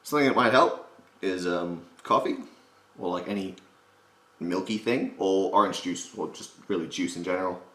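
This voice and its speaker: A man with a slight gravel in his voice, giving a casual, jokey voice impression tutorial and swearing freely. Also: low voice, normal speed, a bit bright. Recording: roomy echo.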